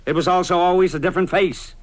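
A middle-aged man telling his own story as scripted radio narration, with a brisk, punchy newsman's delivery. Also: high voice, fairly even intonation.

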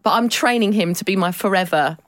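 A woman's voice: mid-range voice, a little fast, dry recording. A young woman co-hosting a podcast, teasing playfully and giggling as she chats. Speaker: podcast co-host. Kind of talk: casual chat.

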